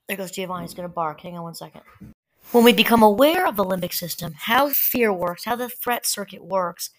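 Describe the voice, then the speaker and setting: At home, a woman with a mid-range voice hosts a solo podcast about mindfulness. She talks casually, with asides and restarts, and occasionally reads passages aloud from a book.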